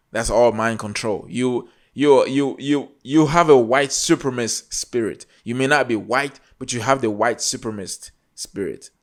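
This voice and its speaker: A man from Africa hosting a reaction video, talking in an emphatic, repetitive, preachy way. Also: medium pitch. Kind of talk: casual reaction commentary.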